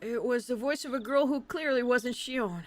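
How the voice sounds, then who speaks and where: A brooding teenage boy's inner monologue, voiced by a woman. He scolds himself for his jealousy in visual novel narration. The voice sits a little high. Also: normal speed, close to an everyday voice. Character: teenage boy narrator, anxious and self-scolding.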